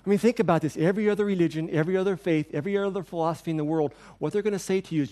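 A pastor preaching a sermon in a church, with an earnest, repetitive cadence. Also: male voice, high voice, rapid-fire, few pauses, mellow.

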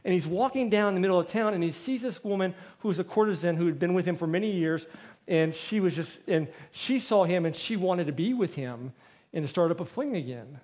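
A middle-aged man, a pastor, preaching a sermon with lively storytelling and acted-out quotes. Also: high voice, brisk. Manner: storytelling, acts out quoted voices.

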